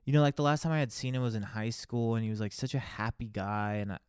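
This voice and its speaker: A man's voice: medium pitch, quick pace, smooth, no room sound, studio quality. A young man co-hosting a podcast, telling a story in a casual, slangy, profane way. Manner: slangy, profane, animated retelling. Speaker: podcast co-host.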